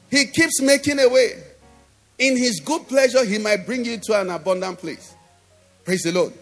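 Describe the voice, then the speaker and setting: High-voiced Nigerian pastor preaching emphatically. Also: male voice, moderate pace, soft background music. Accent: Nigerian English. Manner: emphatic call-and-response preaching, asking "do you understand?". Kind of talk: sermon. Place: church.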